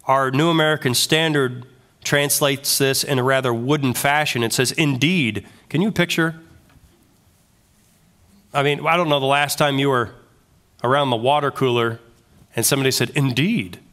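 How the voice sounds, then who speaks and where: A male pastor preaching a sermon in an animated way, full of rhetorical questions. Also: mid-range voice, normal speed, pauses often.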